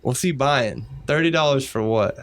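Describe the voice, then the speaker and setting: A man's voice: medium pitch, moderate pace. A man co-hosting a comedy podcast, reacting with laughs and telling stories in casual chat. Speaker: podcast co-host.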